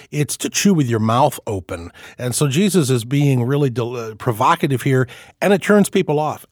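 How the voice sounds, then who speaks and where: A man of ordinary pitch co-hosts a Bible discussion program. He talks in a relaxed, conversational way and lifts into expressive reading when he quotes scripture. The studio sound is close and dry. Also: no room sound. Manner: animated, reads scripture aloud with expression. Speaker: radio program co-host.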